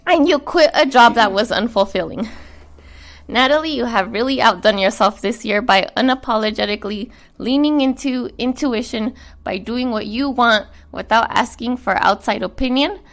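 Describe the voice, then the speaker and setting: A woman's voice: a little high, normal speed. A young adult American woman getting over a cold, reading a personal letter aloud and chatting frankly as podcast co-host. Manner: earnest, frank, swears casually.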